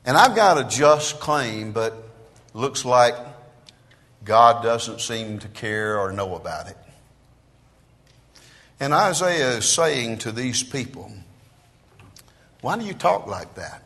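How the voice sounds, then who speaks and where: A man preaches a sermon in a church with a bright, forceful tone. He moves between hushed asides and loud declarations, with a lively, swinging pitch. His voice carries a long reverb from the hall. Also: slow pace, long pauses. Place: church sanctuary.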